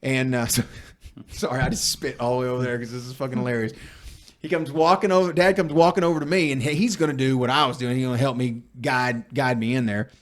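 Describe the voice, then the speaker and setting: A man's voice: medium pitch, fast talker. A man, telling a long story on a casual podcast, swearing freely and acting out the other people in it. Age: 40s. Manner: profane, animated storyteller. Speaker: podcast host.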